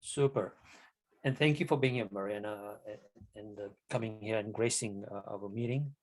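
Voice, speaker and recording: A man's voice: lowish voice, moderate pace, no echo. Chatty man hosting a video call. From Kenya. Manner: chatty, repeats words while thinking. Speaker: meeting host.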